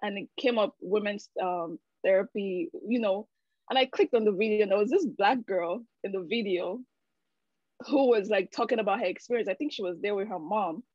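A woman's voice: medium pitch, normal speed, darkish tone, no room sound, dull audio. Candid woman telling her story, dry call audio. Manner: emotional, candid storytelling with many fillers. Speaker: patient giving a testimonial. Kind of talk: personal testimonial over a video call. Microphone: video call.

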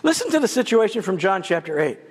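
Fast-talking and sing-song, this guest preacher has a high, slightly rough voice. He keeps his sermon conversational with comic asides, and the church sanctuary adds long reverb.

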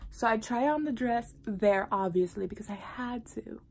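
A woman vlogger casually telling a personal story to camera, animated and dropping into whispered asides. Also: on the high side, moderate pace.

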